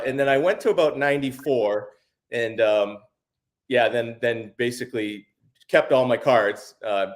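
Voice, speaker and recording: A man talking casually as an interview guest, relaxed and rambling, with plenty of fillers and restarts. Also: medium pitch. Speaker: guest, sports card YouTuber.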